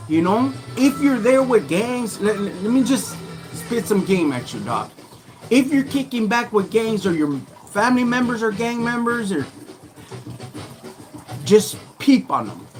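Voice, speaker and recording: A man's voice: a little high, poor audio. A man in his thirties hosting a casual livestream from his shop, reading viewer comments and giving streetwise advice in heavy slang. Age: 30s. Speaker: livestream host.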